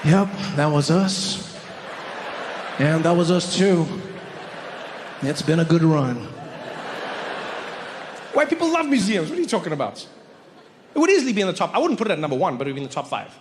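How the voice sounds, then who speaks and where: A man's voice: on the high side, sing-song, moderate pace, pauses often, in a large hall, noisy background. A man performing stand-up comedy on stage, telling stories in a playful way and acting out voices. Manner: playful storytelling, acts out voices. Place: comedy stage before a live audience.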